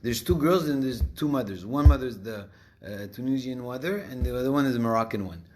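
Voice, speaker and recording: Halting man teaching a class. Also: medium pitch, darkish tone. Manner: halting, many restarts, switches between languages. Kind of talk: religious class talk.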